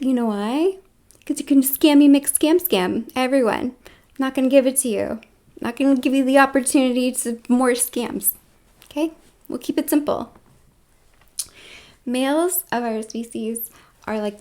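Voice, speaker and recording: A woman's voice: on the high side, darkish tone. Rambling woman with whispered asides. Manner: rambling, heavy filler words, dips into whispered asides. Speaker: vlogger. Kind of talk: casual rambling monologue to camera.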